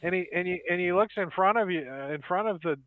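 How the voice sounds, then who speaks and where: A man's voice: high voice, quick pace. A man running an online tabletop game as game master, narrating in a loose, rambling way with fillers. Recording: tinny dry phone-like line.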